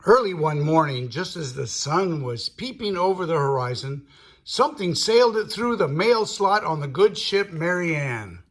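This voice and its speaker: An older man reading a picture book aloud to children as a grandfather storyteller, playful and animated. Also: on the high side, normal speed.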